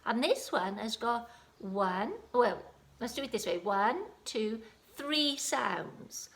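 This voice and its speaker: A woman with a Welsh accent, a primary school teacher giving a home-learning phonics lesson, sounding out letters slowly and encouragingly. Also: fairly high pitch, lively intonation, a bit bright.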